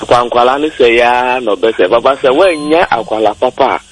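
A man's voice: mid-range voice, a little fast, husky, low-quality recording. A man calling in to a radio show, insistently repeating his point. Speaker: caller. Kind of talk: call-in radio chat.

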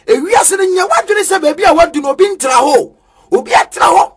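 A man preaching an energetic street sermon, chanting in a sing-song way with bursts of shouting. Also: very high voice, fast talker.

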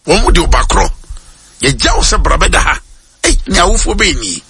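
A man hosting a radio sermon, preaching in a lively way, repeating phrases and dropping English words into his talk. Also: a little high, a little fast.

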